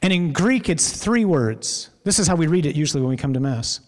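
Male preacher, fairly high voice, storyteller who stretches words for effect, reverberant church hall. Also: lively intonation, fairly quick, darkish tone. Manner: vivid storytelling, draws out words for emphasis. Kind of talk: sermon.

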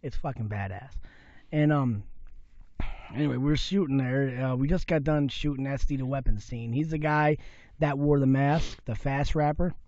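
A man's voice: medium pitch, fairly even intonation, moderate pace, a little mellow, dry recording, muffled recording. A man chatting as a podcast guest, swearing freely and telling a story with put-on voices. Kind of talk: casual podcast chat.

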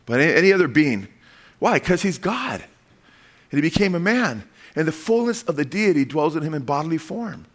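A man preaching a sermon with emphasis, calling out "amen?" to his congregation and swinging between loud stressed lines and quiet asides. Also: fairly high pitch. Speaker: pastor.

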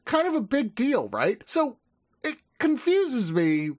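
Lively chatty male podcast host. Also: extremely high pitch, takes it slowly. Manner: chatty, joking, laughs often. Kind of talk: casual movie review podcast.

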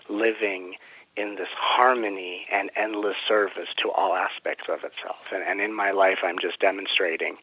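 A man's voice: low voice, breathy edge, no echo. A man answering interview questions in earnest, flowing explanations about spiritual matters. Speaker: spiritual teacher and guest. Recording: tinny phone-like line.

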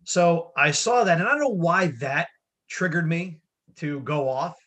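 Male co-host, wry storyteller; bright, slightly husky, fairly high voice. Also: expressive, measured pace. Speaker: podcast co-host, dad. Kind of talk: casual chat.

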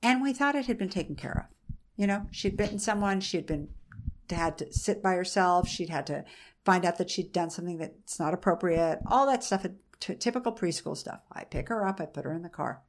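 Guest: woman, 40s, low-pitched, earnest mother recounting family hardship, halting repeats. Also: a little hiss or hum. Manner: earnest, restarts and repeats phrases. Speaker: mother being interviewed. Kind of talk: emotional conversational storytelling.

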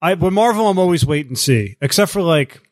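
A man's voice: fairly high pitch, lively intonation, fairly quick, darkish tone, no echo. Rambling man with plenty of "like"s. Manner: rambling, hesitant, many fillers. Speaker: podcast co-host. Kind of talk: casual chat.

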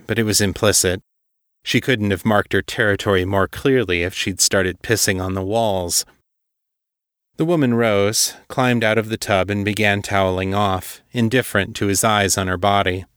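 A man narrating a fiction story in a steady, measured audiobook style. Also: fairly low pitch, clear, resonant tone, no room sound, studio quality.

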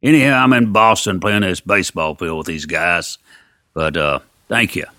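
A man voicing an eager, excited male rock guitarist in a raised, upbeat voice while telling a story. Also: low voice, normal speed, dry recording, clean studio sound. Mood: delighted.

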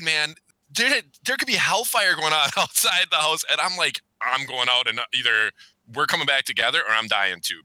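A man's voice: on the low side, no room sound, rough recording. A middle-aged man chatting casually about a movie, swearing often and ranting with rising energy. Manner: profane, animated, rants in raised voice. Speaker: podcast co-host. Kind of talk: casual movie review chat.

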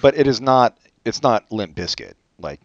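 A man co-hosting a podcast in casual chat, joking in a sarcastic, deadpan way. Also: mid-range voice, normal speed, no echo, highs cut off. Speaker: podcast co-host.

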